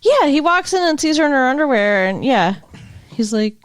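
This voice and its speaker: A woman co-hosting a podcast, chatty and thinking out loud in a casual movie review chat, swearing now and then. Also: high voice, big pitch swings, moderate pace, dry recording. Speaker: podcast co-host.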